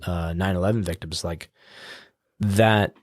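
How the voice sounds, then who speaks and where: Upbeat, low-voiced podcast host. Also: male voice, steady tone, a little slow, a little mellow, no room sound. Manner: upbeat, jokey, encouraging. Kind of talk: casual podcast conversation. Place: podcast studio.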